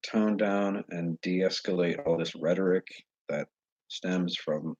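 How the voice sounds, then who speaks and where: A man talking straight to his viewers in a casual monologue, earnest and halting as he searches for words. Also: deep voice, fairly even intonation, a little mellow, no room sound. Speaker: vlogger addressing viewers. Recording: dull lo-fi recording.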